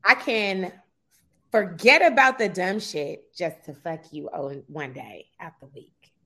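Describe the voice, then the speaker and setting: Blunt low-voiced woman guest. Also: takes it slowly, pushed and bright. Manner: candid, blunt, laughs easily. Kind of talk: casual interview chat.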